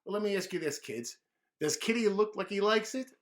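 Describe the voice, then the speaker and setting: A man reading a picture book aloud to children, gently pausing to ask them questions. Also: sits high, animated. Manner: gentle, asks kids questions. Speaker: children's storyteller.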